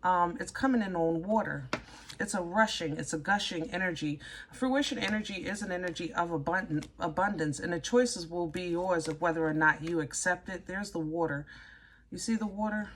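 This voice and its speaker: A woman giving a casual tarot reading, chatty and easily excited, rambling and restarting as she talks through the cards. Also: fairly low pitch, moderate pace, slight background noise. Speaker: tarot reader.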